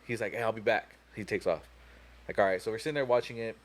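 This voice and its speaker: A young man with a lowish voice speaks fast, telling a long, profane story on a podcast. He rambles, filling it with "like" and "you know," in a casual storytelling chat.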